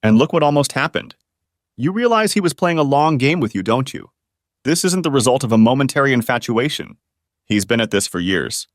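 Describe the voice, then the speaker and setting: A man voicing a calm spirit guide who talks earnestly and gives frank advice. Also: mid-range voice, a little fast, no room sound, studio quality, pitched above the performer's own voice, lightly acted. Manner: earnest, questioning, advising.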